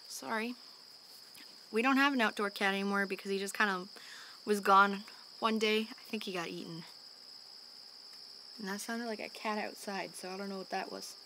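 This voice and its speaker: A young woman in a candid home vlog, talking earnestly and openly, sighing often as she calms down after a panic attack. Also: mid-range voice, normal speed, pauses often, background noise. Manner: earnest and open, with frequent sighs and fillers. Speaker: vlogger. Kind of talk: candid personal talk to camera. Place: at home in the evening.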